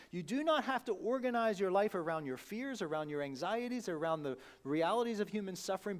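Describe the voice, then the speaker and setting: A man preaching a sermon as pastor, conversational and animated, acting out the people he quotes. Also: high-pitched.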